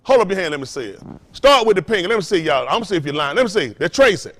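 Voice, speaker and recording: Male pastor, high voice, preaching, call-and-response, rhetorical questions, loud-soft swings. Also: big pitch swings, very fast.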